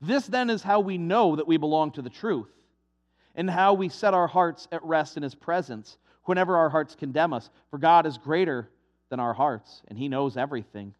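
A man preaching a sermon, swinging from hushed, soft passages to impassioned, raised delivery. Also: fairly high pitch, normal speed.

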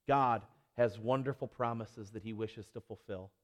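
A man's voice: fairly low pitch, normal speed. A male pastor preaching a sermon with impassioned, repetitive emphasis, then leading a prayer. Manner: impassioned, repeating phrases, building to emphatic peaks. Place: church sanctuary. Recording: long hall reverb.

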